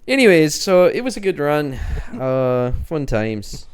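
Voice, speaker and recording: A man's voice: on the high side, big pitch swings, measured pace, clear, resonant tone. A man hosting a casual podcast chat, rambling and laughing often. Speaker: podcast host.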